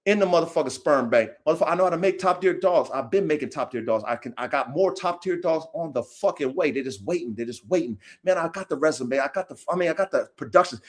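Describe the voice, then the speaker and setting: A man who breeds dogs hosts a podcast, speaking fast with hardly any pauses in a slightly high voice with lively intonation. His monologue is a boastful, combative, profane rant packed with repetition and challenges to listeners.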